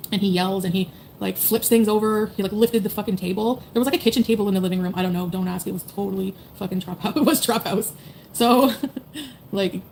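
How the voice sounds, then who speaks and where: A woman's voice: medium pitch, creaky, a little mellow, slight background noise. A woman in her thirties chatting casually to her viewers on a livestream, blunt and profane, rambling with lots of fillers. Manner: blunt, profane, rambling with many "like"s and "you know"s. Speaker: streamer talking to chat.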